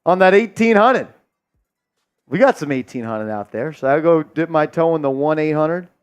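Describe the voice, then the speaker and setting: A man hosting a live sports watch-party stream, hyped and loud as he shouts out viewers' donations and calls the game. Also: fairly high pitch, lively intonation, moderate pace, smooth, faint music behind.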